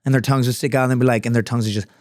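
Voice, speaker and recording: A man's voice: medium pitch, fairly even intonation, rapid-fire, a little mellow, no room sound, clean studio sound. A man, a former Marine telling war stories on a podcast in a rambling, profane, casual way. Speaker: podcast guest, former Marine scout sniper and comedian. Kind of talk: casual storytelling chat.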